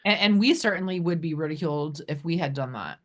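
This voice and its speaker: A woman's voice: deep voice, animated, quick pace. Agreeable woman co-hosting a podcast. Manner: agreeable, chimes in with short replies. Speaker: podcast co-host. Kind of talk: casual political chat.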